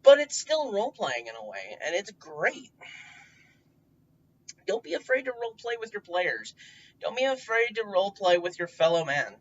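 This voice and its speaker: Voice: medium pitch, very animated, normal speed, a little hiss or hum. Rambling gamer giving tips, distant and dull. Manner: rambling, many fillers and restarts, occasional swearing. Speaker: tabletop game player giving tips. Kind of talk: casual advice monologue.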